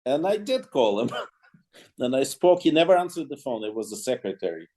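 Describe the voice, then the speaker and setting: Mellow-voiced man telling a lively story. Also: mid-range voice, fairly quick. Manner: animated anecdote-telling with many restarts and acted quotes. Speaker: clarinetist guest. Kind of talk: storytelling in an interview.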